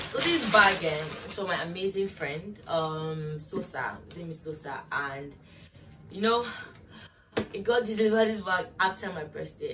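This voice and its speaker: A young woman talks straight to her viewers in a chatty, gushing way, her voice sitting fairly low. She is picked up from a distance, with clear room noise running underneath. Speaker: vlogger. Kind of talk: casual unboxing chat to viewers.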